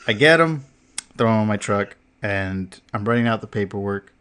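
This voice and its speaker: Guy on a podcast telling a wild story, kinda low voice, lots of "like" and cussing, laughs a bunch. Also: normal speed, clean tone. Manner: animated storyteller, swears, laughs often; filler-heavy, acts out what others said. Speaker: podcast co-host. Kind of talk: casual storytelling chat.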